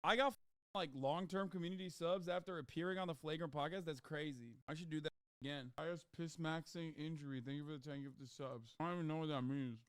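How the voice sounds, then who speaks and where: A man's voice: a little high, steady tone, fairly quick, clean tone, no room sound, studio quality. A man doing livestream commentary, ranting sarcastically with plenty of swearing.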